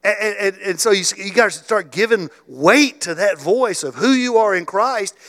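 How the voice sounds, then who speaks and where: A middle-aged male pastor preaching a sermon in a voice a touch higher than most men's. He stumbles and repeats himself, then drives his points home with rising force. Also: expressive, moderate pace. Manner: repeats words and restarts, builds to loud emphatic stretches. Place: church.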